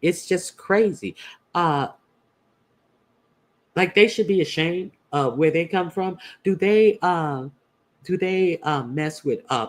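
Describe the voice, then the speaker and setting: Guy with a kinda high voice ranting casually, blunt, cusses, says uh constantly. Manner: blunt and profane, halting with many "uh" fillers. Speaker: YouTube commentator host. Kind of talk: casual opinion commentary.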